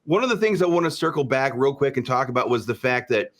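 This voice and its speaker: A man's voice: mid-range voice, expressive, quick pace, a bit bright. A man co-hosting a political podcast who talks in a brash, profane, mocking way. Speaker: podcast co-host. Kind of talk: opinionated political talk.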